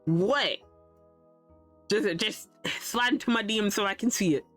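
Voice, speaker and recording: A woman's voice: medium pitch, measured pace, pauses often, fairly bright tone, faint music behind. A woman streamer chatting casually with her chat, laughing often and swearing freely as she rambles.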